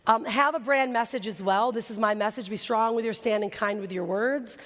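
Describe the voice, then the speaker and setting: A woman giving an energetic keynote talk on a conference stage, excitable and quick with asides. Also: fairly high pitch. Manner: excitable, laughs often, rapid asides. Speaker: keynote speaker. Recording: reverberant hall recording.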